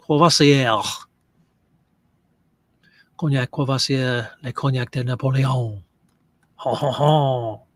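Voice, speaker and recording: An online reseller listing print ads talks casually through his listing session, joking around and stumbling over French pronunciation. His voice is mid-range and a bit bright, with no room sound.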